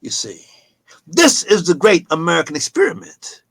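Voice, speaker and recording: A man hosting a talk show, delivering an impassioned political monologue in a preachy, emphatic way and sometimes shouting. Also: a little high, wildly swooping pitch, moderate pace, gravelly, husky, dry recording.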